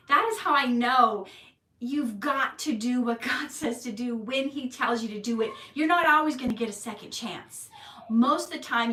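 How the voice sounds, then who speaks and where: A woman hosting her vlog and telling a personal story in an animated, emotional way, acting out the people in it. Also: on the high side, recorded from a distance. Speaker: vlog host. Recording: echoey room, mic set back.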